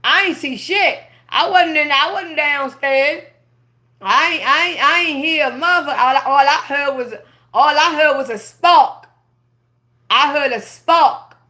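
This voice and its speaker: Woman livestreamer, late-night storytime; bright, sharp tone, animated and heavily profane delivery. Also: high-pitched, unhurried. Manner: profane, emphatic, animated ranting. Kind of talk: casual late-night storytelling on a live stream.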